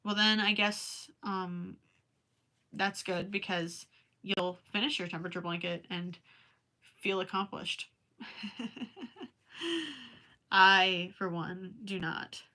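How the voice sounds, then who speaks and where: Slow and flat, with long pauses, this young Minnesotan woman's fairly low voice still comes across bright and forceful. Late at night and a little weary, she rambles and chats with viewers about whatever comes up while crocheting on her livestream.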